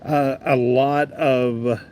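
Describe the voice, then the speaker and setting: A man's voice: medium pitch, steady tone, extremely slow, darkish tone, a little hiss or hum. Chatty man in his fifties telling stories. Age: 50s. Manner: chatty, rambling anecdotal delivery with asides to viewers. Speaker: radio talk show host. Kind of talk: casual live-stream storytelling, reading chat comments.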